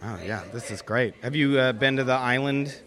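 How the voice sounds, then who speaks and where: At an event, a visitor from Milwaukee, Wisconsin chats playfully with kids through a handheld microphone, goofy and stammering through restarts. He has a medium-pitched, fairly bright voice at a moderate pace.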